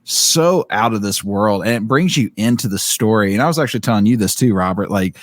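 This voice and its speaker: A man's voice: on the low side, fairly quick, no room sound. A man co-hosting a book podcast, talking in a rambling, enthusiastic way with lots of fillers. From living in Indiana. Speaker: podcast co-host. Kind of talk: casual book discussion.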